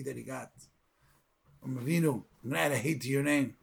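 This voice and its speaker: A man giving a sermon, mixing Hebrew terms into English and building to loud, fervent stretches. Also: quick pace, creaky. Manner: builds to loud, high-pitched fervor; uses Hebrew and Yiddish terms. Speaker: rabbi.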